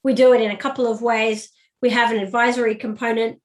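A middle-aged woman, an interview guest, telling a lively personal story with fillers. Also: fairly high pitch, fast. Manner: animated anecdotal storytelling with fillers. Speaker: guest, business strategist.

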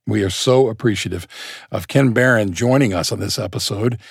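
A male podcast co-host narrating a scripted segment in a measured, earnest way. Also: fairly low pitch, creaky, breathy edge, no echo, studio quality.

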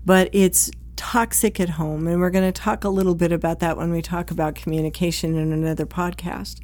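A woman's voice: fairly low pitch, fairly even intonation, a little fast, a little mellow. A woman hosting an advice podcast, speaking conversationally and acting out short quoted exchanges between partners. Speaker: podcast host, psychologist.

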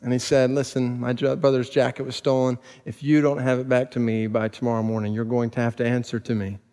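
A pastor telling personal stories in a sermon, building to emphatic preaching before a congregation. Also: male voice, mid-range voice, flat delivery, fairly quick, warm tone. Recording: long reverb of a large hall.

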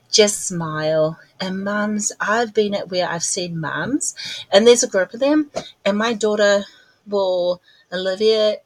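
A woman's voice: lowish voice, no room sound, poor audio. A woman hosts her own podcast with a chatty, rambling delivery, often laughing at herself. She sounds a little out of breath between phrases. Her voice is recorded close and dry, with no room sound. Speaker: podcast host. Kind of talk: casual chat.

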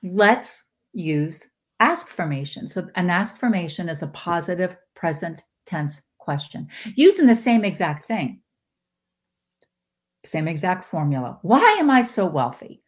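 Animated woman giving a motivational talk. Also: measured pace. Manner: animated, with sudden pitch jumps into quoted voices. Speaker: podcast guest, spiritual teacher.

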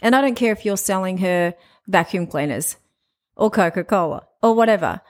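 A middle-aged woman hosts a podcast as a sales trainer, offering frank, chatty sales advice in a casual monologue and laughing now and then. Her voice is medium-pitched and expressive, at a moderate pace.

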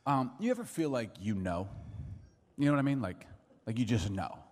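Animated male pastor in a reverberant hall. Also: medium pitch, moderate pace. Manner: animated, joking, laughs often. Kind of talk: sermon with humorous storytelling. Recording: long reverb of a large hall.

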